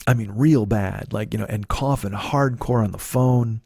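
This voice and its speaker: A man's voice: fairly low pitch, normal speed, gravelly, a little mellow, slightly rough, dry recording, studio quality. Profane rambling man in his fifties. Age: 50s. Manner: profane, rambling, self-interrupting. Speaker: comedian podcast host. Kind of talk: rambling storytelling monologue.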